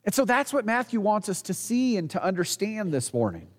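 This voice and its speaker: High-voiced man preaching in a reverberant church. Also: big pitch swings, brisk. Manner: earnest preaching with rhetorical questions and small restarts. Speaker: pastor. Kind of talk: sermon.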